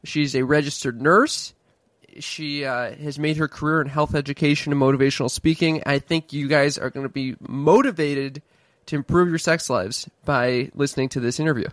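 A man's voice: fairly high pitch, fairly even intonation, moderate pace, fairly bright tone, no echo. A young man with a Chicago accent, a stand-up comic co-hosting a casual podcast, joking and self-deprecating.

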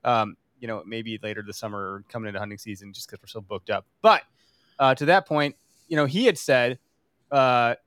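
A man's voice: fairly low pitch, dry recording, clean studio sound. A man co-hosting a podcast, chatting casually, joking and laughing as he talks. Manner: animated, joking, quick laughs. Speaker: podcast co-host.

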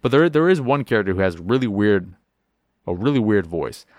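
A man's voice: on the low side, sing-song, fairly quick, dry recording, lo-fi sound. A man hosting a podcast, chatting casually and profanely about video games and acting out scenes as he talks. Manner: rambling and profane, acts out scenes. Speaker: podcast host. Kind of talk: casual video game chat.

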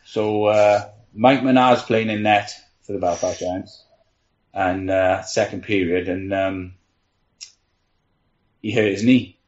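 A man's voice: on the low side, steady tone, slow, long pauses. Chatty man telling anecdotes, lo-fi. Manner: rambling anecdotes with frequent laughs and "you know". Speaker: guest team trainer. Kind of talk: casual storytelling on a podcast panel.

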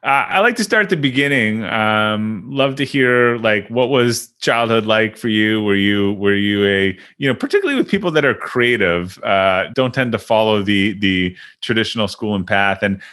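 A man hosting a podcast interview, asking loose, relaxed questions. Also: lowish voice, normal speed, hardly any pauses. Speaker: podcast host. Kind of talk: conversational interviewing.

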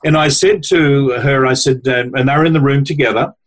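A man co-hosting a talk show, telling a casual story in an animated way with halting starts. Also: mid-range voice, low-quality recording.

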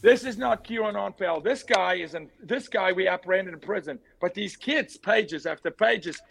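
A man speaking as an interview guest, forceful and emphatic, repeating his key words. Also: high voice, moderate pace, gravelly, low-quality recording. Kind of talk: impassioned interview talk.

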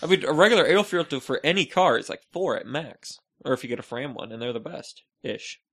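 A man co-hosting a podcast, telling rambling stories with jokey, deadpan asides in casual chat. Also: medium pitch, brisk. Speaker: podcast co-host.

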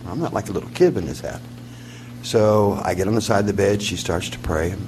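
A man's voice: fairly low pitch, a little fast, a little mellow, a little hiss or hum. A man in his forties telling a long personal story in a rambling, folksy, wry way. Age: 40s. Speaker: singer-songwriter. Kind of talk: storytelling before a song.

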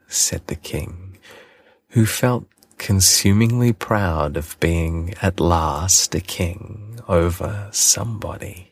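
A man reading a classic storybook aloud in a gentle, deliberate way. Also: deep voice, husky, no echo, clean studio sound. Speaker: audiobook reader.

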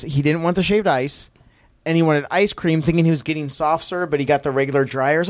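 A middle-aged man co-hosting a podcast, chatting casually in an excited, rambling way and acting out quotes. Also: fairly high pitch, fairly quick, no echo. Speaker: podcast co-host. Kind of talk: casual chat.

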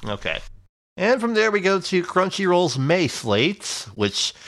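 A man's voice: high-pitched, big pitch swings, a little slow, fairly bright tone. A man hosting a casual podcast, going through a list of releases in a dry, matter-of-fact way. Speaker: podcast host reading release news. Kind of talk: casual chat.

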